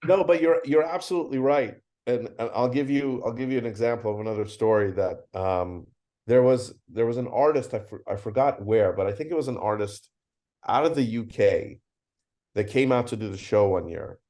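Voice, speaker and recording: With a mid-range voice at a moderate pace, this middle-aged man who founded a convention relates stories during a casual interview. He is an animated storyteller who performs the dialogue as he goes.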